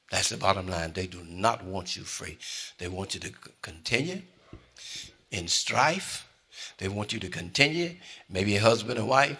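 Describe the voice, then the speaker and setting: A man preaching a sermon, calling out to the congregation and swinging between hushed asides and loud exclamations. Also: on the low side, breathy edge. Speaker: pastor.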